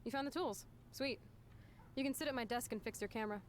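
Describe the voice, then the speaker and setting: A woman's voice: on the high side, quick pace, slight background noise, lightly acted. An actress voicing a brash, rebellious teenage girl in a video game, with a blunt, teasing way of talking. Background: game music.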